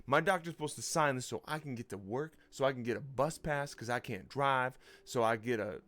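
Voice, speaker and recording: A man voicing an earnest, excitable older man he met on a bus, talking urgently and repeating himself. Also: mid-range voice, fairly quick, natural voice.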